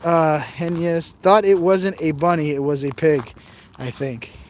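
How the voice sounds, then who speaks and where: A man's voice: a little high, fairly even intonation, unhurried, slight background noise. A tired man chatting casually on a phone live stream while he explores outdoors, rambling, joking and reading viewer comments aloud. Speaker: livestream host exploring outdoors. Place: outdoors on rough open ground. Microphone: phone camera held while walking.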